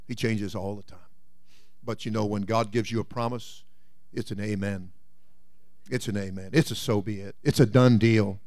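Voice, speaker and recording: A man preaching a sermon in a folksy, dramatic way, swinging from loud bursts to hushed asides. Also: lowish voice, no room sound, clean studio sound. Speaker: pastor. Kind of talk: sermon with storytelling.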